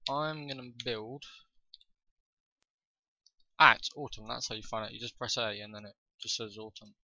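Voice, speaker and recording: A man giving casual commentary over his own gameplay, thinking aloud with frequent fillers and pauses. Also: lowish voice, sharp tone, no echo, lo-fi sound. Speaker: gaming video host.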